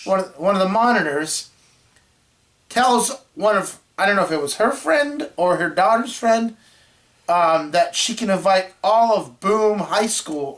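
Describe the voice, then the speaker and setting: A man co-hosting a movie review show, telling a rambling story in casual chat and clearing his throat often. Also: high voice, a bit bright. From Florida.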